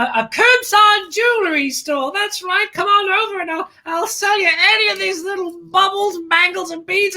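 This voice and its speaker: A woman's voice: very high voice, bright, forceful tone. A woman playing a grand, glamorous lady who hosts a children's show, gushing and calling everyone darling. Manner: flamboyant, calls everyone darling. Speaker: host. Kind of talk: theatrical kids' show hosting.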